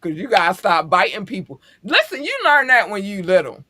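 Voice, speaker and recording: A woman's voice: medium pitch, big pitch swings, a little fast, pushed and bright, no room sound. A woman co-hosting a podcast in casual chat, effusive and affectionate, laughing often as she talks to listeners. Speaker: podcast co-host.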